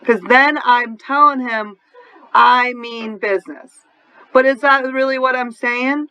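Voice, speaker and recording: A woman's voice: fairly high pitch, fairly even intonation, slow pace, bright, forceful tone, clean tone, low-quality recording. A woman with a New Orleans accent teaching an adult English class, explaining grammar patiently and often checking in with "right?". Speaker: ESL teacher.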